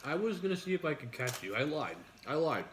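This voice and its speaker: A man's voice: a little high, sing-song, brisk, fairly bright tone, a little hiss or hum. A middle-aged man with a New York accent, hosting a casual eating video and joking his way through rambling stories. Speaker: mukbang host. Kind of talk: casual chat while eating.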